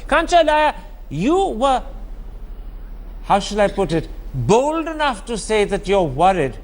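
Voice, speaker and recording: High-voiced, pointed TV host. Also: male voice, very animated, a little slow. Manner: probing and emphatic, cuts in to steer the discussion. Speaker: television debate host. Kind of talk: moderating a studio political debate.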